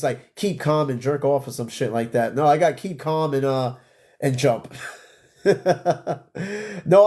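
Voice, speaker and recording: A man's voice: on the high side, dark tone. A tired man with an old-school New York accent, hosting a podcast as a casual solo live stream, rambling and swearing as he answers comments. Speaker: podcast host.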